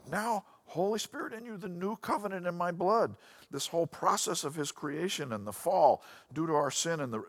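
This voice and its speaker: A man giving a sermon-style Bible lesson, animated and storytelling, often restarting his sentences. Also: medium pitch. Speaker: Bible teacher.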